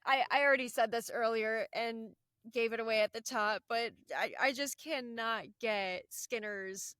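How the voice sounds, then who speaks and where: A woman co-hosting a podcast with a bright, ringing voice that sits a little high. She talks with eager enthusiasm and laughs often, heard dry and close to the mic. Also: moderate pace, smooth, no room sound. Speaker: podcast co-host. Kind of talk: casual chat.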